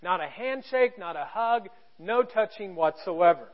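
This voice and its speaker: A male pastor preaching a sermon to his church, telling a story with emphasis and sudden drops to a hush. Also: high voice, lively intonation, measured pace, muffled recording. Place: church auditorium.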